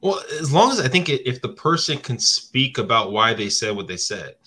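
A man's voice: medium pitch, big pitch swings, moderate pace, pushed and bright, husky. A man co-hosting a podcast in casual chat, rambling with many restarts and hedges. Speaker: podcast co-host.

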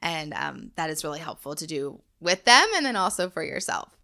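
A woman in her thirties talks to parents on her podcast, earnest and encouraging. Her voice is bright and clear, with a smooth finish and a slightly low pitch for a woman. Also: very animated, normal speed. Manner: earnest, encouraging, faith-based. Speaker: podcast host and coach. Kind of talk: casual solo podcast talk. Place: home.

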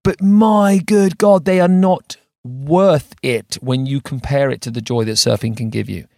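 Man, 30s, podcast host, gravelly voice, dry sound, lively chat, gentle breathing guidance. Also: mid-range voice, measured pace, no echo. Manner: animated, exclaims and laughs, calm and soft when guiding breathing.

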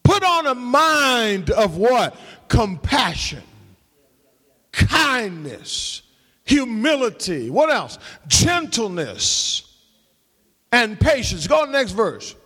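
High-voiced preaching pastor in a hall. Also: male voice, sing-song, slow. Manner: call-and-response preaching, shouting and half-singing. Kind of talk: sermon. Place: church sanctuary.

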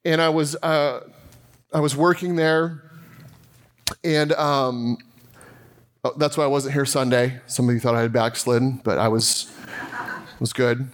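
A man's voice: mid-range voice, steady tone, a little slow, long pauses. Guy pastor giving a sermon, talkative, jokes at himself, kinda storytelling vibe. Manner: chatty, self-deprecating storytelling with laughs. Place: church.

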